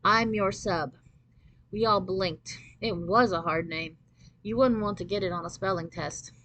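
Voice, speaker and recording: A woman's voice: on the low side, moderate pace, fairly bright tone, low-quality recording. A woman reading a children's novel aloud, narrating steadily and expressively in the first person. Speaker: storybook reader.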